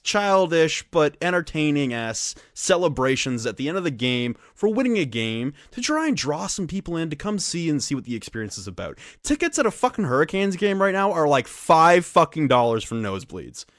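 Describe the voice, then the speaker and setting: Animated, swearing male podcast co-host. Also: fairly high pitch, moderate pace, few pauses, no room sound, studio quality. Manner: profane, animated ranting. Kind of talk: casual podcast chat.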